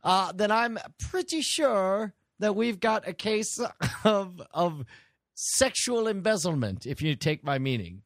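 A man as a bumbling sidekick detective, stammering, giggly, lively pitch, dry close mic. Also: slow pace, no echo, heavily acted. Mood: scheming. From Wisconsin. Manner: giggly, stammering, crude innuendo. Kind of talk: improvised comedy role-play.

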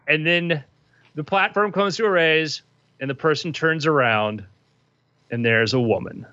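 A man acting as game master sets each scene with playful drama in a bright, clear voice. The audio is dry, slightly muffled and lo-fi. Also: a little high, measured pace, no room sound. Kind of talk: improvised tabletop narration.

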